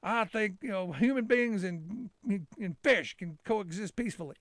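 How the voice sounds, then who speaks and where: A bumbling ex-president stammers through his halting, muddled words, as a male talk show host does a quick impression of him. The voice sits high for a man and is recorded dry and close. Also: fairly bright tone, dry recording.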